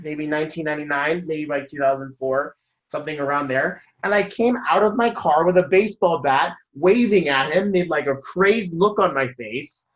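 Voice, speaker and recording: A man in his thirties with a slightly high, somewhat bright voice gives a motivational talk to a group on a video call; the recording is muffled. He's a numerology coach who tells stories animatedly and laughs mid-sentence.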